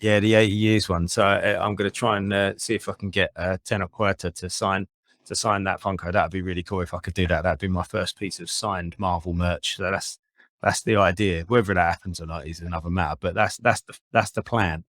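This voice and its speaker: A man co-hosting a casual podcast chat, halting and often repeating his words. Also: sits low, steady tone, fairly bright tone, dry recording, clean studio sound. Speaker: podcast co-host.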